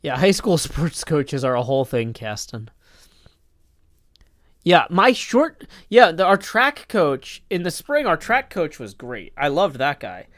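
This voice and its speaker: A man's voice: on the high side, very animated, measured pace, fairly bright tone, no echo, clean studio sound. A man from Tennessee chatting casually on a live stream as he plays, telling rambling stories full of restarts and fillers. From Tennessee, United States. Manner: rambling storyteller, many "like"s and restarts. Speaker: live streamer playing a block-building game.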